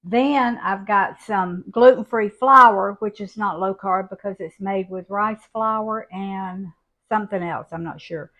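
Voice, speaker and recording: A slow, easygoing older woman with a drawl walks through a recipe in her home kitchen. She talks in a folksy, homey way and never rushes her words. Her voice sits at an ordinary middle pitch. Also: a bit bright. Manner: folksy, unhurried, homey talk. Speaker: cooking channel host. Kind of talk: home cooking demonstration.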